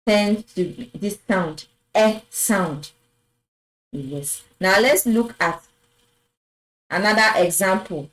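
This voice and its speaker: A woman teaching French pronunciation, patiently repeating each word and affirming with a soft "yes". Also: medium pitch, takes it slowly, long pauses, poor audio. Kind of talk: slow explanatory lesson.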